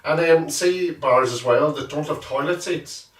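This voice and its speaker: A man's voice: fairly high pitch, measured pace, fairly bright tone, far from the mic. A man co-hosting a podcast, chatting casually with sweary, laughing banter. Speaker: podcast co-host. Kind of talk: casual chat. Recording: roomy, off-mic sound.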